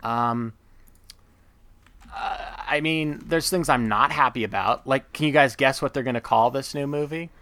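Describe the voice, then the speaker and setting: Bright, chatty male podcast host. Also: medium pitch, moderate pace, no echo. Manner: rambling, enthusiastic, full of fillers and asides. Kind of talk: casual chat.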